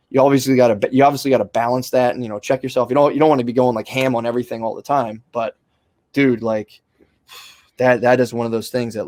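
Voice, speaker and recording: A young man talks quickly on a podcast, circling his points with restarts and casual swearing. His voice sits in a middle register and is recorded close and dry, with no room sound. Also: medium pitch, a little mellow, no room sound. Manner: rambling, frequent restarts and fillers, swears casually. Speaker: podcast host.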